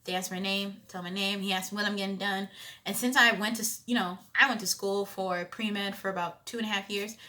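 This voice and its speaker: Bright-voiced woman telling a storytime vlog. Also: mid-range voice, fairly quick. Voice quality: expressive, conversational, loud emphatic bursts. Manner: animated storytelling with frequent "you know what I'm saying". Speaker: vlogger.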